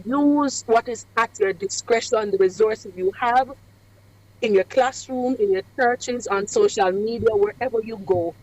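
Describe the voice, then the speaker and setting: A woman, a radio guest coaching on public speaking in a measured, emphatic cadence with deliberate pauses. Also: a little high, darkish tone, poor audio. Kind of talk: radio interview advice. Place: away from the studio.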